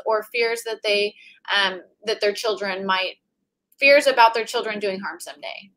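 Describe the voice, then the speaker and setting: A woman's voice: on the high side, moderate pace, a bit bright. A woman moderating an online panel, upbeat and affirming as she reads out audience questions.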